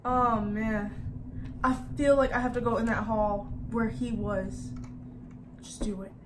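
A woman's voice: on the high side, fairly even intonation, measured pace, very noisy. A woman giving jittery horror game commentary, talking to herself and her viewers as she plays. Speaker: gaming creator.

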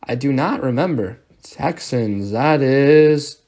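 A man's voice: medium pitch, lively intonation, takes it slowly, a little mellow. A young man hosting a live sports card break, rattling off player names and thanking viewers as he opens packs.

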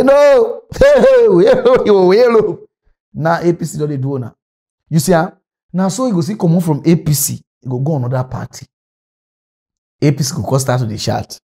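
With a warm, fairly high voice, a Nigerian Pidgin-accented commentator from Delta State delivers a heated political monologue. The rant is agitated and scolding throughout.

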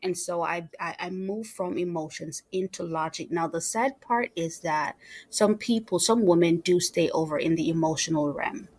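Brief: lower-pitched middle-aged Jamaican woman, interview guest, lively storyteller. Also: normal speed, breathy edge. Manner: animated storyteller, acts out quoted dialogue. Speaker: guest entrepreneur.

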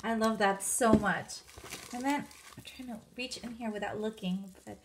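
A woman vlogger unboxing a gift package, gushing and gasping with excitement. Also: a little high, moderate pace, noisy background.

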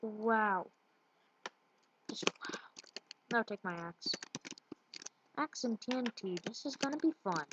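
A woman's voice: mid-range voice, lively intonation, measured pace. A woman giving casual gameplay commentary, rambling and tripping over her words. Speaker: let's play gamer. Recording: muffled lo-fi with loud hiss.

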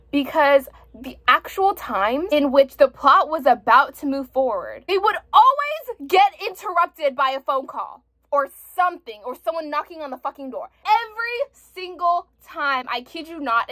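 High-pitched exasperated young woman reviewer. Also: a little slow, no room sound. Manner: animated, exasperated ranting with frequent swearing. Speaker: book reviewer. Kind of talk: casual book review vlog.

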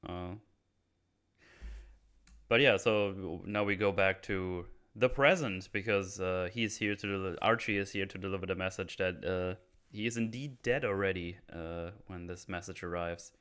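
A man's voice: low voice, normal speed, a bit bright, clean tone. A man hosting a casual film discussion podcast, talking in a hesitant way with many fillers and restarts. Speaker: podcast host.

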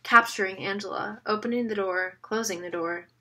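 A woman's voice: medium pitch, normal speed, pushed and bright, a little hiss or hum, close to an everyday voice. Woman reading as a stubborn, unsure teen boy. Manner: hesitant, then stubborn. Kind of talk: audiobook reading.

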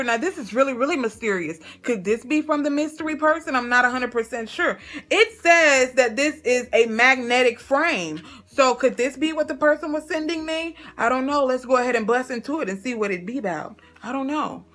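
A woman vlogger chatting casually while opening fan mail, excitable and stumbling over her words, calling viewers girl and y'all. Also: medium pitch. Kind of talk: casual chat.

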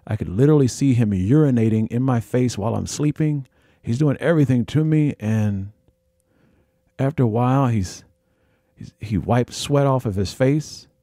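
A man hosting a podcast, recounting his own experiences in a halting, repetitive, earnest monologue. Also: mid-range voice, warm tone, no echo, studio quality. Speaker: podcast host. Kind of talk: personal storytelling monologue.

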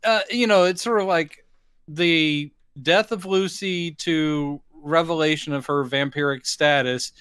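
A man's voice: fairly high pitch, unhurried, a bit bright, smooth, dry recording. A man chats about a movie with a friend, tossing in wry, joking remarks. His voice sits a bit above the usual male range. The sound is dry and close, with no room around it. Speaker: podcast co-host. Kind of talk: casual movie recap chat.

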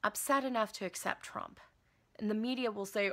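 A woman performing a satirical monologue in a sardonic, profane manner with sudden shouts. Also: mid-range voice, a little fast.

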